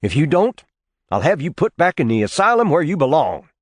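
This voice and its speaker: A man's voice: on the high side, very animated, fairly quick, dry recording, clean studio sound, pitched above the performer's own voice. A man voicing a tense young schoolteacher who speaks tightly and barely keeps control. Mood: angry.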